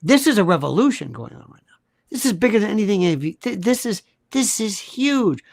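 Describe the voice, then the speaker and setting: Animated gravelly talk-show host man. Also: high voice, fast talker, dry recording, clean studio sound. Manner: animated, emphatic, repeats rhetorical questions. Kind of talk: live-stream talk show monologue.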